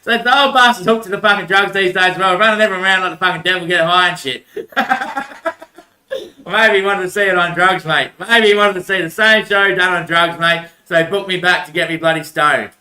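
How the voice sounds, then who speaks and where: A man's voice: high-pitched, moderate pace, bright, forceful tone, roomy sound, rough recording. A young man, rambling crudely in a religious monologue and laughing often. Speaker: vlogger.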